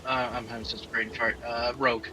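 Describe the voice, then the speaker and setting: A man's voice: mid-range voice, flat delivery, a little fast, background noise. A man playing in a tabletop game, describing his character hesitantly. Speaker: player. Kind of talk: casual tabletop play.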